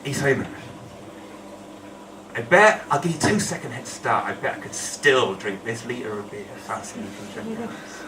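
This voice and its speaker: Brief: male storyteller as a grinning young Irish lad pushing a pint dare, lively pitch, roomy distant sound. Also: normal speed, natural voice. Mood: goading. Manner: taunting, repetitive challenges. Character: cheeky young Irish man goading at a pub table. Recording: echoey hall, distant mic, noisy.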